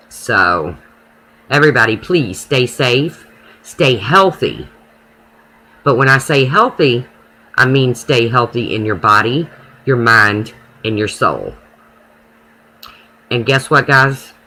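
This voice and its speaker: This is a man hosting a casual live stream, chatting with his audience and answering comments by name. His voice sits at an ordinary pitch with a bright, forward edge. He talks emphatically, with a preachy streak, as he makes his points. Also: expressive, measured pace, pauses often, rough recording.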